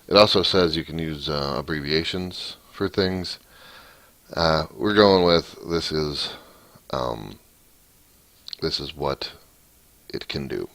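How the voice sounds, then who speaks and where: Very deep gravelly man thinking aloud. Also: fairly bright tone, dry recording. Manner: thinks aloud, reads code out while typing; rambling, many restarts. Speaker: hobbyist programmer. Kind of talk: casual coding walkthrough.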